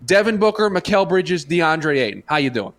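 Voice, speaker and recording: A man co-hosting a sports talk show, arguing his takes with emphatic, animated energy. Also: fairly high pitch, moderate pace. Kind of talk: sports radio debate.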